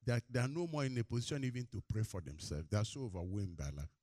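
A man races through a sermon, captured with no room sound. The pastor invites the congregation to fill in verse lines and tells lively stories, his voice climbing higher and louder as the anecdotes build.

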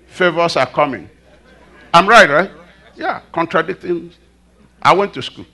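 Male preacher, high lively voice, bright tone, sermon delivery. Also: measured pace, some chatter behind. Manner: animated, calls to the congregation, rhetorical questions.

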